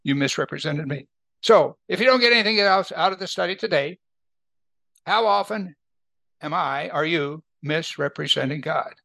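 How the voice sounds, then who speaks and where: A man's voice: sits high, normal speed, vocal fry, pushed and bright, no echo. An older man teaching a Bible study in a conversational way, often checking in with his listeners. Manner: conversational, asks listeners to agree.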